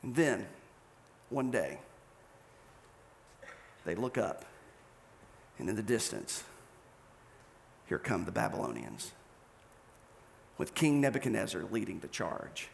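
A male pastor preaching a sermon, telling a story with animated delivery and acted-out scenes. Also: lowish voice, slow, vocal fry, pauses often, slight background noise.

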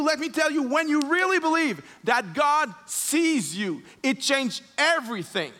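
A man preaching a sermon, emphatic and repeating phrases for effect, dropping to a soft low voice when he leads prayer. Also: very animated, a little slow, few pauses.

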